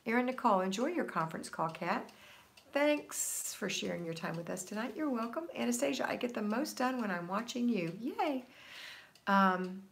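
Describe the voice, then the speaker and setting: A woman's voice: on the high side, expressive, moderate pace, gravelly. Upbeat woman hosting a live chat. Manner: upbeat, encouraging, reads comments aloud. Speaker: livestream host answering viewer comments. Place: home, Florida.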